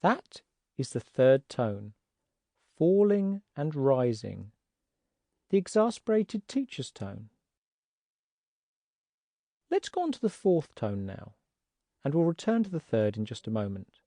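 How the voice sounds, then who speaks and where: A man narrating an audiobook language lesson, patient and clear, acting out example words to show how tones rise and fall. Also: medium pitch, huge pitch swings, slow, long pauses, warm tone, no room sound.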